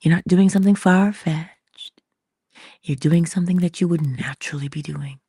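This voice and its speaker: A woman hosting an inspirational livestream, talking slowly and intimately, dropping into whispers at times and greeting viewers in the chat. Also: on the low side, warm tone, husky, no room sound, studio quality. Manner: slow, intimate, drops into whispers. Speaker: motivational livestream host.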